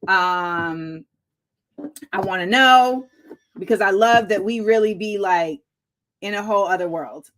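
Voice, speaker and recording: A woman hosting a live-streamed talk show, chatty and excitable and laughing often as she greets viewers. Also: medium pitch, measured pace. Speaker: host.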